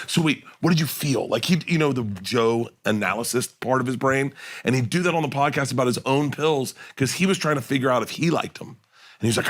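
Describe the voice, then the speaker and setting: A middle-aged man, a comedian guest, telling casual podcast stories and acting out the people in them. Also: mid-range voice. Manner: animated storyteller acting out quotes.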